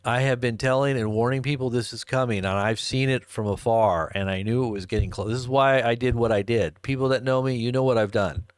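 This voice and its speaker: A man's voice: medium pitch, brisk, few pauses, clear, resonant tone, no room sound, clean studio sound. A man hosting a live stream, rambling in a casual, joking way and chuckling as he answers chat. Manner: rambling, chuckling, jokey asides.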